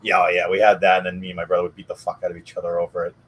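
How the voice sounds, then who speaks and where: A man's voice: deep voice, monotone, racing, crowd noise. A man co-hosting a casual chat who teases, swears and laughs easily. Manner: laughs easily, profane and teasing. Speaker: podcast co-host.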